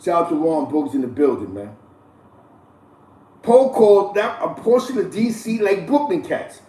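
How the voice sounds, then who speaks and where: A man's voice: on the high side, animated, normal speed, distant mic. New man, echoey off-mic street talk. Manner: loose, repetitive slang-heavy delivery with frequent shout-outs. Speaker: host. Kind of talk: casual street storytelling commentary. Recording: echoey room, voice a bit off-mic.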